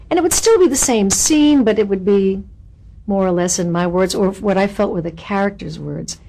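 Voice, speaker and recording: A woman being interviewed as an actress, telling anecdotes in an animated, expressive way and acting out the quotes. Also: medium pitch, normal speed, gravelly. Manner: animated, expressive storyteller who acts out quotes.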